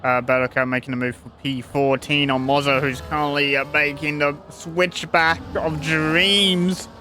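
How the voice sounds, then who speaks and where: A young man commentating an online sim race in a loose, casual way, often restarting his sentences. His voice is bright and clear, with faint noise in the background. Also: on the high side, little pitch movement, unhurried. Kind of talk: live esports race commentary.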